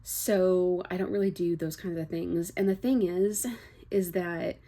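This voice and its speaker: A young woman talks straight to camera in a loose, rambling way, with lots of fillers and little laughs between thoughts. Her voice sits a bit low and sounds warm and mellow. Her General American speech carries a faint Southern trace. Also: steady tone, a little slow. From Texas, USA. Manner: rambling and chatty, with frequent fillers and soft laughs. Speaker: book vlogger. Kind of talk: unscripted casual chat to camera.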